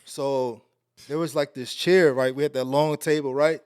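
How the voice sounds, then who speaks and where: A man from Texas, a podcast guest, telling a story in a casual, slangy, animated way. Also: normal speed, smooth, no echo, studio quality. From Alief, Houston, Texas. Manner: animated, slangy, getting louder and higher as the story builds.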